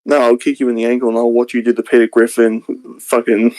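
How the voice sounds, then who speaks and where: A man's voice: mid-range voice, flat delivery, quick pace, darkish tone, dry recording, poor audio. A man bantering on a stream, blunt and crude as he trash-talks his friend.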